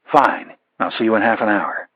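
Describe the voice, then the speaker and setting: A man's voice: fairly low pitch, normal speed, slightly rough, no echo, muffled recording. A man voicing a sardonic male intelligence officer with a dry, understated wit. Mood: wry.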